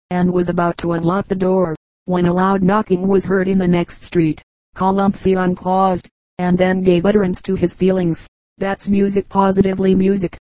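Even-voiced woman reading aloud. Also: mid-range voice, no room sound, rough recording. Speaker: audiobook reader. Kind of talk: scripted narration.

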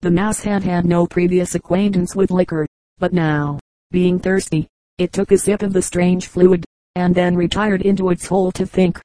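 Woman, audiobook narration, measured, lowish pitch, mellow. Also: level tone, no echo, poor audio. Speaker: audiobook reader. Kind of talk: scripted narration.

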